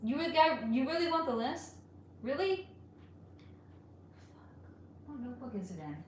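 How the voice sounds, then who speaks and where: A woman's voice: sits high, normal speed. Chatty woman streamer in an echoey room. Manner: candid, swearing, animated, answers chat questions. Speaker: livestream host reading chat. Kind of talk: casual live-stream chat. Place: home room. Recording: roomy echo with faint ambient noise.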